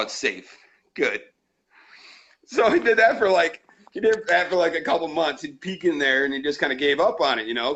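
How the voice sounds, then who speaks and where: A man's voice: on the high side, vocal fry, a bit bright, lo-fi sound. A man hosting a trapping channel, telling crude, joking stories in a rowdy, casual way. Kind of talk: casual storytelling.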